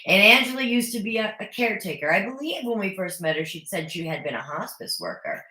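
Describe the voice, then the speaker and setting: A woman's voice: medium pitch, animated, fairly quick, bright, forceful tone, reverberant. A woman recapping a reality show in a casual, chatty way, opinionated with sarcastic asides. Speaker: recap vlogger. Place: home.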